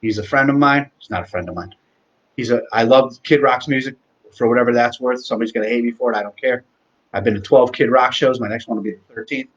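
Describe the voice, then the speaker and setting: A man's voice: medium pitch, highs cut off. A man in his forties hosting a live stream, rambling through a heartfelt tribute and swearing freely. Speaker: host. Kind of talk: casual live-stream talk.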